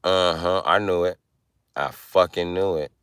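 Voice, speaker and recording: A man hosting a casual livestream, brash and profane as he roasts his chat, with sudden bursts of yelling. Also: sits low, fairly even intonation, unhurried, clear, resonant tone, dry recording. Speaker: livestream host.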